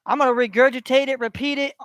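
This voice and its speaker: A man's voice: very high-pitched, fairly even intonation, quick pace, fairly bright tone, no room sound. A man delivering a heated, profane rant to his online audience, repeating himself as he builds his tirade. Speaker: online ranter.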